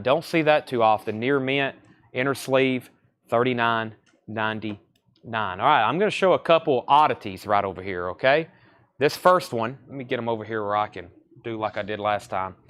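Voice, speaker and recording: Southern guy doing live record sale patter, rattles off titles n prices, says em twice, mid pitch. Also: fairly bright tone, clear, resonant tone. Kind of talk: live-stream sales patter. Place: record shop surrounded by crates.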